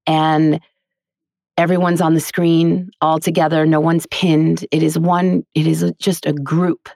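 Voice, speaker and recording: A woman's voice: deep voice, a little slow, vocal fry, no room sound, studio quality. A middle-aged woman from Queens with a faint New York accent, a voice actor and teacher telling stories in a casual interview and laughing often. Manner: chatty, animated storyteller, laughs often.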